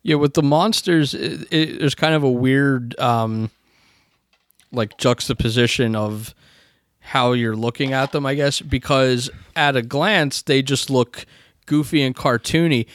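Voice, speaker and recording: A man in a casual film discussion, speaking in a thoughtful, measured way. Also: medium pitch, no echo, clean studio sound.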